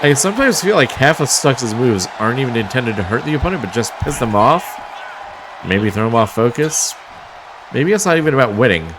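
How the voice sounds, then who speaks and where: A man's voice: medium pitch, big pitch swings, a little fast, noisy background. A man calling a wrestling match play by play, with a wry, mocking manner and the odd chuckle. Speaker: wrestling commentator. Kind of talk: play-by-play commentary.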